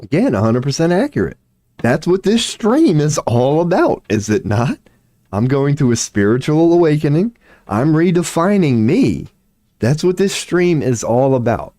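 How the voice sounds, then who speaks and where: A man's voice: on the high side, very animated, normal speed, mellow, no room sound. A young man streaming live, talking to himself and his chat in a rambling, self-deprecating way, full of slang and swearing. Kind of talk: casual livestream monologue.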